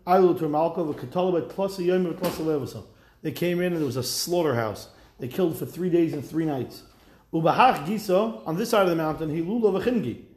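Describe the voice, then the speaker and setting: A man teaches a Talmud lesson, translating each phrase and then retelling it as a lively story full of wry asides. His voice sits a little high. The recording picks up a noticeable echo from the room around him. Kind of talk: Talmud class lecture.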